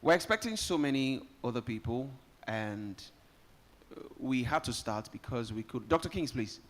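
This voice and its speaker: A Nigerian man emcees a live summit in a conference hall. His pitch sits in the middle for a man, and his talk is lively and joking as he calls on the crowd. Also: normal speed. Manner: lively, joking, rallies the audience. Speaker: event host.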